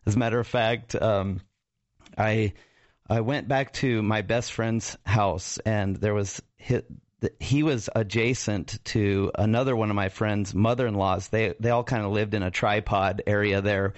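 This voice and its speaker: A man's voice: fairly low pitch, fairly even intonation, a little slow, dry recording. A pastor and radio co-host telling his life story in a radio interview, laughing often and acting out the voices of people in it.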